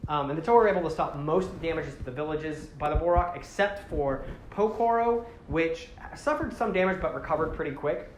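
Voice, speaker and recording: A man casually retells a long story, rambling with filler words and tossing in jokes and swearing. His voice sits slightly high. The room echoes, and a faint hiss runs underneath. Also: a little fast, hardly any pauses. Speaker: host.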